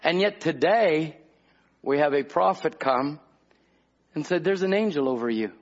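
A man's voice: on the high side, lively intonation, measured pace. A man preaching a fervent revival sermon, calling out to the congregation in rhythmic bursts. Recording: dull lo-fi old recording.

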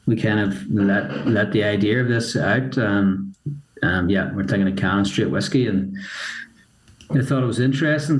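A man's voice: on the low side, poor audio. A man, a whiskey brand co-founder, telling a story in a casual interview with many fillers and restarts.

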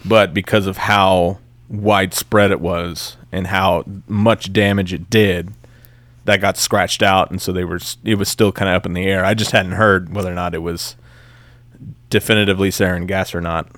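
A man co-hosting a podcast, talking politics in a measured, hedging way with filler words. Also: deep voice, level tone, a bit bright, no room sound. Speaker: podcast co-host. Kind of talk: casual political chat.

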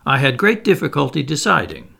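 A man reading the part of a calm, commanding ship's commander who speaks in a penetrating, precise way. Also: a little high, brisk, creaky, heavily acted.

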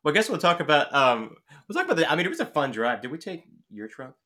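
A man's voice: a little high, fast. A man chatting casually on a podcast, rambling and hesitant, with many fillers and restarts. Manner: excitable, laughs often when telling the story.

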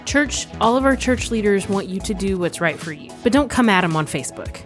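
A woman co-hosting a podcast in casual chat, teasing and quick to agree. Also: medium pitch, lively intonation, soft background music. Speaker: podcast co-host.

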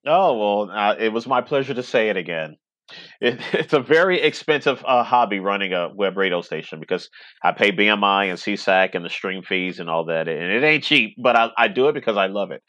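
A man's voice: fairly low pitch, lively intonation, a little fast, a bit bright, no room sound. Chatty middle-aged man, dry sound. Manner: chatty, rambling, laughs often. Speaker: web radio station owner, podcast guest. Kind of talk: casual podcast conversation.

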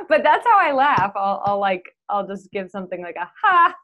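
A woman's voice: medium pitch, big pitch swings, normal speed, a bit bright, slight background noise. Playful woman hosting a podcast. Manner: playful, laughs easily, asks questions. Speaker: podcast host. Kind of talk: casual podcast interview.

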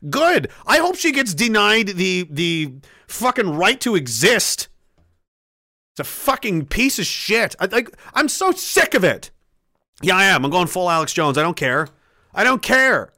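High, sharp-voiced man ranting angrily. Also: very animated, unhurried, no echo, studio quality. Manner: swings from low sneering mutter to loud shouting; heavy swearing, repeated hammering phrases. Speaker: livestream host. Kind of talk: angry profane rant.

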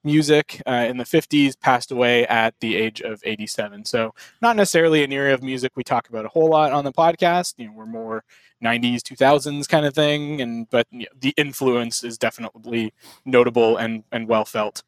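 A man's voice: medium pitch, fairly quick, no room sound. Rambling man hosting a podcast. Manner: relaxed, rambling with many fillers. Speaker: podcast host. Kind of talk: casual podcast chat. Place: hotel room.

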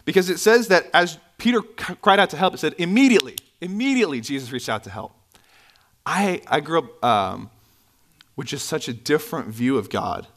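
A man preaching a sermon in a church, conversational with asides and self-corrections, his pitch jumping up when he stresses a point. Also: fairly quick. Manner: animated, pitch swinging up for emphasis. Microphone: microphone, sometimes bumped.

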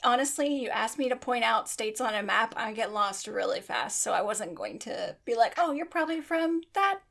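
A woman's voice: medium pitch, normal speed, gravelly, fairly bright tone. A woman from Texas with a faint Texan accent, hosting a casual chat and rambling in a self-deprecating way.

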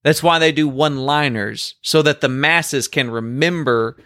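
A man's voice: fairly high pitch, a little slow, a bit bright, no echo, clean studio sound. A man co-hosting a casual podcast, joking around and reciting movie lines with gusto. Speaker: podcast co-host. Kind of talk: casual chat.

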